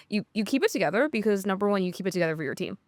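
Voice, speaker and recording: A woman's voice: medium pitch, animated, fast, dry recording. A woman founder in casual conversation, talking earnestly and reflectively with frequent "um" fillers. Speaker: startup founder.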